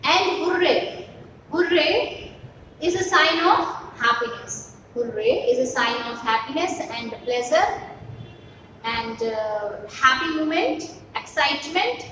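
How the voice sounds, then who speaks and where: Female teacher with an Indian English accent, higher voice, patient and repetitive, recorded far off in an echoey room with noise behind. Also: expressive, a little slow. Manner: repetitive, explains each example twice. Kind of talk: classroom grammar lesson.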